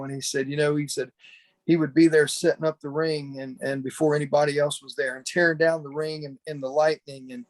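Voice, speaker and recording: A man who used to wrestle, reminiscing in a rambling, talkative way, full of restarts and "you know," speaking over a video call. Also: fairly high pitch. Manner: chatty, talkative storyteller. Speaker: former pro wrestler, podcast guest. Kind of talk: casual memorial reminiscing. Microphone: video call camera.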